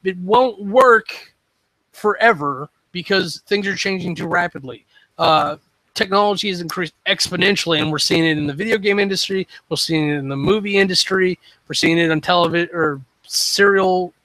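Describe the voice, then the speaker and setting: Bright-voiced man rambling about shows. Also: sits high, normal speed, no echo, rough recording. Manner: rambling, frequent ums and restarts, opinionated. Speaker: web show host. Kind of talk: casual solo podcast review.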